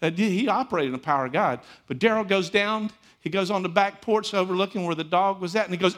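A man preaching a sermon as a pastor, telling stories in an animated, conversational, folksy way. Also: high-pitched, fast talker, hardly any pauses.

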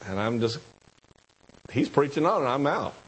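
Husky, animated preacher man. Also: moderate pace, low-quality recording. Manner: animated storytelling, swooping from high excited bursts to low hushed tones. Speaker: pastor. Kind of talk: sermon.

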